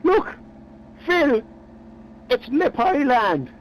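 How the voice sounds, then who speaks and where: A man voicing an overexcited male pilot who shouts frantically at his mate. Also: very high-pitched, sing-song, drawn-out words, lo-fi sound, slight background noise, pitched above the performer's own voice, exaggerated voice. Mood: exultant.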